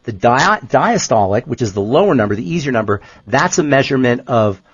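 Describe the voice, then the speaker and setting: A man co-hosting a health podcast who explains nutrition in an emphatic, animated way, often repeating himself for emphasis. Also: mid-range voice, brisk, slightly rough, no echo, muffled recording. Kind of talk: casual explanatory podcast talk.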